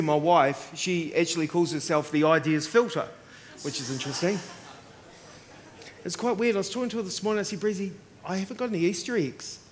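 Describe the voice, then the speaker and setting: A man's voice: a little high, a little hiss or hum. An Australian man preaching a sermon, telling stories and acting out the voices in them. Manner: animated, acts out voices in anecdotes. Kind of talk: sermon with storytelling.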